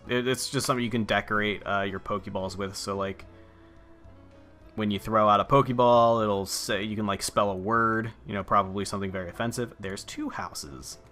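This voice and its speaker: A man's voice: lowish voice, bright, forceful tone. A young man giving casual, rambling commentary while playing a video game, swearing offhandedly. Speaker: let's play gamer.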